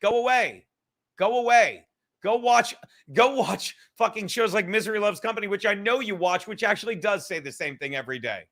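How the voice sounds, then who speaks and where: A man's voice: sits high, animated, fairly quick, fairly bright tone. A man hosting a podcast, ranting casually with heavy swearing and sarcastic asides. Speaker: podcast host. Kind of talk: casual rant.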